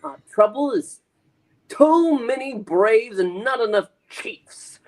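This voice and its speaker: A woman's voice: on the high side, expressive, slow pace, a little mellow, pitched above the performer's own voice. A woman reading a comic aloud as a gloomy male ex-hero who feels washed up.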